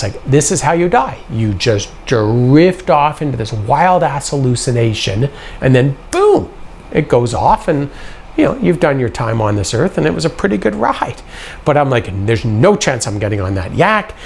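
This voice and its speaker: Man, business owner type, gravelly voice, lively swinging pitch, casual anecdote with acted-out dialogue, faint noise behind. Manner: animated, acts out quoted dialogue. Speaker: business owner telling a personal story. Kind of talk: casual storytelling.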